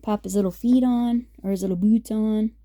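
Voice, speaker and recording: Chatty woman with a very dark voice. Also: mid-range voice, fairly even intonation, moderate pace, dry recording, studio quality. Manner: chatty, upbeat, many fillers. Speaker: craft video host. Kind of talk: casual craft tutorial.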